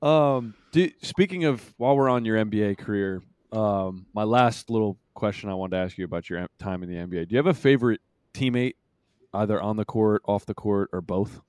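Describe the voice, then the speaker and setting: A man's voice: fairly low pitch, brisk, darkish tone, clean tone, no echo. A man co-hosting a podcast in a laid-back, slangy way, reacting with laughs and asking questions. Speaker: podcast co-host. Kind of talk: casual chat.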